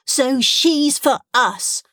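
A woman voicing a young, excitable male alien sea creature who talks in an eager, pleading way. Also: fairly high pitch, takes it slowly, no room sound, clean studio sound, pitched above the performer's own voice, exaggerated voice.

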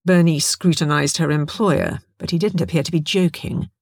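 A woman narrating an audiobook in an expressive, storytelling way. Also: sits low, moderate pace, no room sound, clean studio sound. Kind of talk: scripted narration.

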